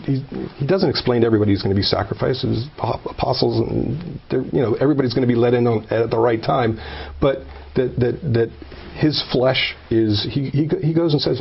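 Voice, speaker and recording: A man giving an informal faith testimony, earnest and emphatic, stumbling over repeated words as he builds to animated peaks. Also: medium pitch, slightly rough, highs cut off. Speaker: speaker sharing a personal faith story.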